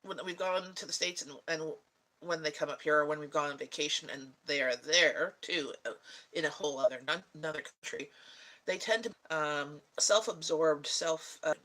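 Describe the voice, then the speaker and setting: A woman with a bright, lively edge to her voice chats casually as a vlogger. She rambles from one thought to the next and laughs often, as if answering viewers over coffee. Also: low voice, moderate pace, rough recording. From Canada.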